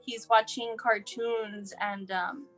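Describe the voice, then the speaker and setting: Over loud music, a young woman from El Paso, Texas slowly tells her child's story in an interview. Her voice is a little high with fairly even intonation, yet she is emotional, acting out dialogue and restarting frequently. The audio is low quality.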